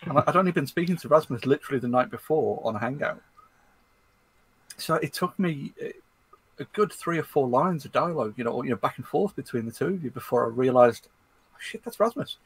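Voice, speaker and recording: Husky man in casual chat. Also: medium pitch, poor audio. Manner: chatty, self-deprecating, halting.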